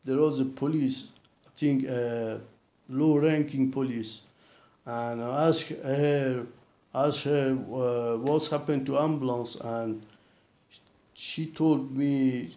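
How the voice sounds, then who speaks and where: Halting man, slow and echoey. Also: mid-range voice, fairly even intonation, dark tone. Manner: halting, many restarts and repeated fillers. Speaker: vlogger recounting a personal experience. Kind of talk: casual spoken account. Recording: roomy echo.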